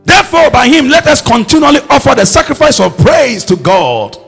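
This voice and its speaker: High-voiced gravelly preacher, animated. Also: male voice, brisk, faint music behind. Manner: emphatic, rising to shouts, calls for congregation response. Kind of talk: sermon.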